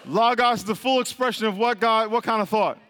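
A man's voice: high-pitched, a little fast, fairly bright tone, a little hiss or hum. A man preaching to a congregation in call-and-response style, repeating his questions, drilling the crowd and laughing often. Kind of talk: call-and-response Bible teaching. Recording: long hall reverb.

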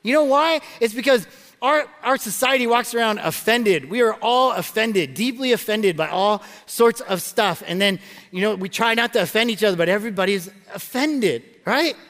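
A middle-aged pastor with a high voice preaches a sermon at a moderate pace, telling stories and jokes in an animated way. He often stammers and restarts his words, and the long reverb of a large church auditorium surrounds him.

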